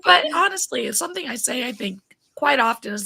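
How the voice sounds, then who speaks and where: Chatty, bright-voiced woman podcast host. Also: high voice, expressive, brisk, creaky, husky. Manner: chatty, laughs often, many fillers. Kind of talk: casual interview chat.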